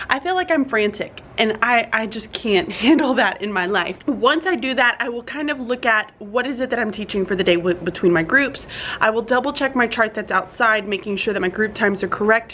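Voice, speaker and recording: A woman's voice: a little high, fairly bright tone, a little hiss or hum. A woman teacher vlogging in her classroom in the morning, chatty and earnest, tired and yawning, saying y'all and laughing often. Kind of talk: casual morning vlog.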